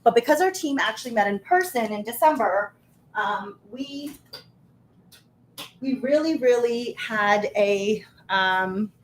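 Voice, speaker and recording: A woman's voice: a little high, expressive, takes it slowly, a little hiss or hum. A woman hosting a casual live stream from her home kitchen. She talks in a chatty, upbeat way, with many fillers and restarts. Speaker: co-founder and live show host.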